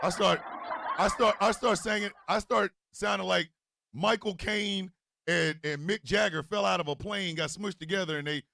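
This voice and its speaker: Sitting high in pitch with vocal fry, a male show host whose accent blends New Jersey and Missouri launches into a loud, profane political rant. He keeps a moderate pace but breaks into bursts of shouting.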